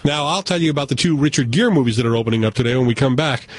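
A man's voice: mid-range voice, rapid-fire, no room sound. A man hosting a radio talk show, chatting casually and joking as he moves between segments. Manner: chatty, jokey, hosts the segments. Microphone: studio mic.

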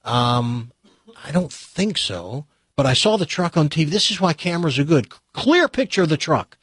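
A middle-aged man hosting a talk show, chatting casually and telling stories and jokes in an animated way. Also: on the high side, moderate pace, slightly rough, no room sound, clean studio sound.

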